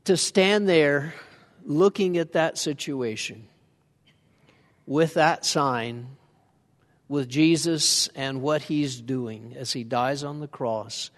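A man's voice: mid-range voice, long reverb tail. A man preaching a sermon in a conversational way, asking his congregation questions as he goes. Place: church sanctuary.

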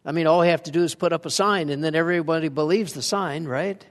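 Male pastor, slightly higher-pitched voice, chatty sermon delivery, long church reverb. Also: fast talker. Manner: conversational, asks the congregation questions. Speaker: preacher. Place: church sanctuary.

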